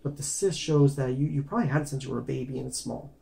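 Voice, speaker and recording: A man quoting a brisk female doctor. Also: medium pitch, gravelly, warm tone.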